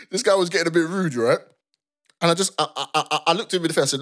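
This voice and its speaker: A man's voice: a little high, fast talker, fairly bright tone. A young man co-hosting a podcast, telling retail stories casually, laughing often and repeating phrases for emphasis. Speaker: podcast co-host. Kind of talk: casual storytelling chat.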